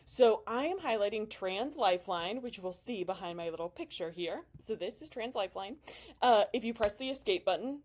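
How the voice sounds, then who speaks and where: Casting: young adult woman, chatty and giggly vlogger, mid-range voice, desk-mic feel. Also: mid-range voice. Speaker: bodybuilding vlogger. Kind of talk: casual talking-head commentary.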